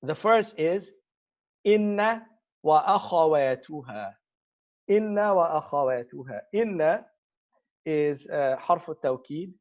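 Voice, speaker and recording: A man teaching an online grammar lesson, spelling out terms slowly and calling on students by name. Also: on the high side, expressive, highs cut off. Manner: slow, deliberate drilling of Arabic terms, calling on students.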